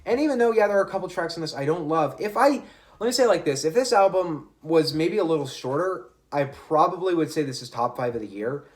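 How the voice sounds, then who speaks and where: A man's voice: on the high side, lively intonation, quick pace. A man casually reviewing an album, opinionated and chatty, often correcting himself mid-sentence. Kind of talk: casual music review monologue.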